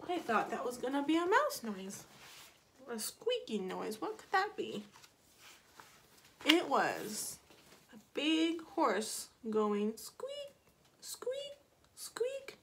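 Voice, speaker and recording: Lively slow-reading woman with sound effects. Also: a little high, a little hiss or hum. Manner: playful, asks children questions and acts out sound effects; asides and small corrections while reading. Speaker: children's story reader. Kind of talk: reading a picture book aloud to children.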